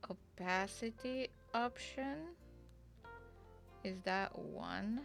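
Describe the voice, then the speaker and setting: A woman streaming a game, chatting casually, excitable, swearing, and answering chat. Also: medium pitch, very slow, creaky, soft background music.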